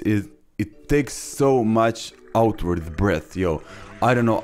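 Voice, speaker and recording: A young man hosting a casual beatbox tutorial, talking haltingly with many fillers and restarts. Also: mid-range voice, darkish tone. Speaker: beatbox tutorial channel host.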